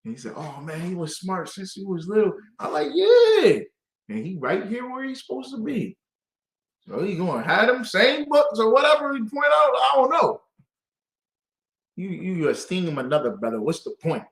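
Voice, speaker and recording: A man with a high voice leads a scripture class. His pitch swings widely as he jumps into the voices of the people he quotes. The room around him is echoey. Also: moderate pace. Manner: lively, call-and-response, acts out quoted voices. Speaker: class teacher. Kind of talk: animated scripture teaching.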